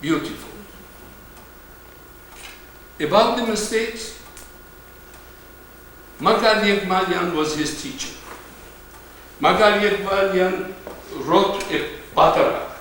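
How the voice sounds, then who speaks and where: A man in his seventies with an Armenian accent, giving a live lecture with slow, deliberate phrasing and hesitations. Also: sits high, a bit bright, a little hiss or hum. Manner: slow, deliberate delivery with fillers, sometimes sings phrases. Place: large lecture hall. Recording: echoey hall, mic far off.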